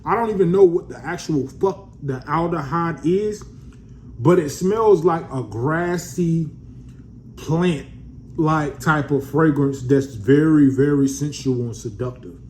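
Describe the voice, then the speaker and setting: Man, fragrance review vlog, relaxed slangy talk, slightly high voice, faint hiss. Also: slow. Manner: laid-back, slangy, calls viewers family.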